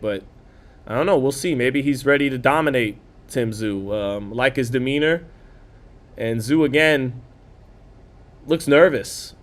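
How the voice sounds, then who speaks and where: A man hosting a live boxing watch-party stream, chatting casually, reading viewer comments aloud and calling the fight punch by punch. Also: medium pitch. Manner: quick play-by-play calling of punches.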